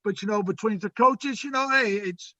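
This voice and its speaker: A middle-aged man with a high, bright, pressing voice talks in a rambling, folksy way. The sound is dry and close. It is dull lo-fi video call audio. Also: normal speed, no room sound. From West Texas. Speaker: high school football coach. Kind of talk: casual remote interview.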